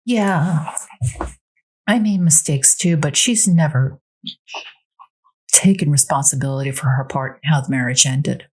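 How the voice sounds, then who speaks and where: A woman's voice: lowish voice, big pitch swings, moderate pace, voice pushed up. A woman voicing a heartbroken, hot-tempered divorcee who growls back in anger, in a story read aloud. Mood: heated, defensive. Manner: growling, huffy.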